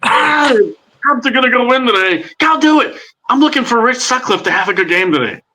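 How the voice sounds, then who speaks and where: A man imitating a confused, rambling elderly baseball announcer with a loud, drawn-out delivery. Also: very high-pitched, sing-song, pitched above the performer's own voice, exaggerated voice.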